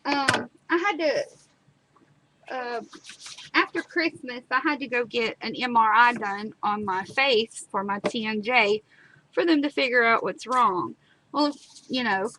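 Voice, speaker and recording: A fairly high, sharp-toned woman speaks at a measured pace in a rough recording. She is a craft video host on a live stream with clear background noise, chatting and storytelling with dramatic repetitions while demonstrating a project.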